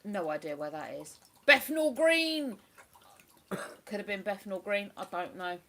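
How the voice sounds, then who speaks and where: A woman from England hosting a casual livestream chat, rambling and cooing softly to her dog between remarks. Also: medium pitch, very animated, unhurried. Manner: chatty, drops to soft cooing baby talk with her dog. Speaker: livestream host.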